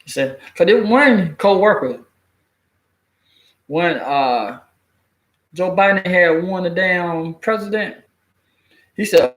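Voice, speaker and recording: A man giving a blunt, animated opinion rant in casual, colloquial speech, cursing freely and laughing at his own jokes. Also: sits high, slow pace, long pauses. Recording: echoey room.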